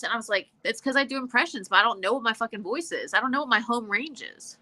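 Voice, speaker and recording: A woman in casual chat, quick-witted, laughing often and swearing. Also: a little high, expressive, pushed and bright. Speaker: comedian guest.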